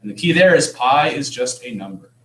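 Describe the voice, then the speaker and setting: A man's voice: mid-range voice, lively intonation, brisk, a bit bright. A man teaching a calculus class, explaining problems in a casual, joking way. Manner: joking, conversational. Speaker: math teacher. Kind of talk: classroom lesson. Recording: echoey classroom, distant mic.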